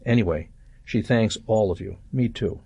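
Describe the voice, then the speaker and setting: An older man reading the lines of an exhausted young man, a neighbor's son, in a weary, flat way. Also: fairly low pitch, moderate pace, gravelly, breathy edge, dry recording, dull audio.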